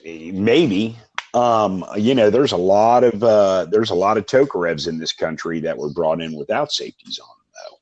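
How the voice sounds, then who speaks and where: A man's voice: deep voice, moderate pace, darkish tone, muffled recording. A man co-hosting a podcast in casual chat, blunt and profane. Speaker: podcast co-host.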